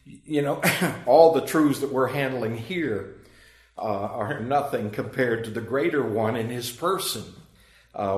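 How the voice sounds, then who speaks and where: Male pastor, mid-pitched, earnest emphatic sermon delivery, roomy echo. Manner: earnest, emphatic preaching with rising and falling emphasis.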